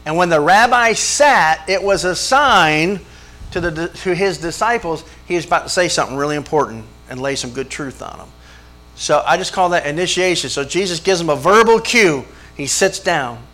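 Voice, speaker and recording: A pastor, preaching a folksy sermon with storytelling. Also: male voice, a little high, expressive, normal speed, pushed and bright. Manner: folksy storytelling, acts out voices, chuckles. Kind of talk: sermon with jokes.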